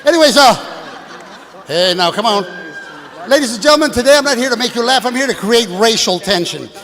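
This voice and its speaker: A man in his sixties doing a stand-up comedy set, brashly working the crowd and shouting at the audience from a stage. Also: extremely high pitch, lively intonation, a little fast. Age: 60s. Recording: live hall with long reverb, faint room noise.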